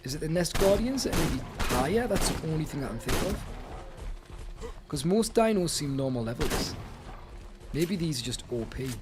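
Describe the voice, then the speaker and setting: A young man giving live commentary while he plays a video game, excitable and talking to himself. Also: fairly high pitch, normal speed, pauses often, background noise. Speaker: streamer. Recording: game music in the background. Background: game music.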